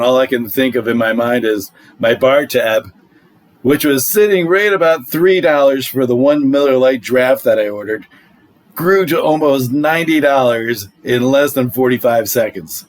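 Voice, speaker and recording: A middle-aged man spinning a dating story in a relaxed, wry tone, with plenty of fillers. His voice sits at an ordinary pitch for a man. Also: normal speed. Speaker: vlog host. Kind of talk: casual storytelling.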